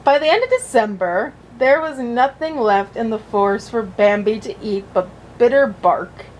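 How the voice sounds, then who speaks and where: A woman's voice: fairly high pitch, animated, moderate pace, a little hiss or hum. A woman vlogger reading a children's storybook aloud and breaking off into chatty, joking asides.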